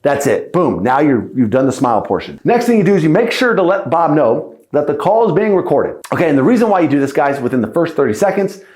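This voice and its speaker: A man teaching sales calls in a podcast lesson. He coaches in a lively way, checks in often with "right?" and "okay?", and acts out sample lines. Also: on the high side, quick pace, hardly any pauses, roomy sound. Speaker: sales trainer.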